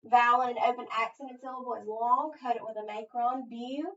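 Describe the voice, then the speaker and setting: A woman's voice: fairly high pitch, fairly even intonation, brisk, fairly bright tone. A woman teacher leading a phonics lesson, spelling words out letter by letter and coaching a learner. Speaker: reading teacher. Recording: roomy, distant, dull lo-fi.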